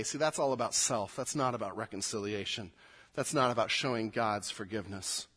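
A man preaching a sermon, moving from quiet, low asides to loud, emphatic readings of scripture. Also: fairly quick, husky. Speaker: pastor.

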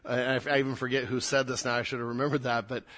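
A man's voice: medium pitch, level tone, quick pace, a bit bright. A pastor preaching a sermon to his congregation. He is earnest and emphatic, and he repeats words as he builds his points.

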